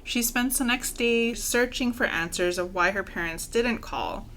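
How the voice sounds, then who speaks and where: A woman co-hosting a podcast, chatting casually with frequent soft affirmations. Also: fairly high pitch, unhurried, slight background noise. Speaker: podcast co-host. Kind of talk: casual chat and read recommendation.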